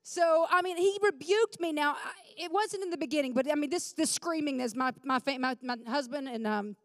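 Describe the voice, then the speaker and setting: Her voice high and fairly bright, a woman in her forties delivers a sermon as pastor at a moderate pace, mixing fervent prayer with an earnest personal story. She's in a church sanctuary, recorded with clean studio sound and the long reverb of a big hall.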